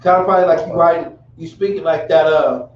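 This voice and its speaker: A high-voiced man teaches a classroom language lesson, sounding out each word slowly and breaking into casual slang asides. He is heard from a distance in a roomy space, and the sound is muffled, with faint noise underneath.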